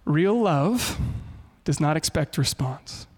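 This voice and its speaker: Brief: pastor in his thirties, high voice, lively humorous preaching. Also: slow pace. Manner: animated, humorous storytelling. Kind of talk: sermon.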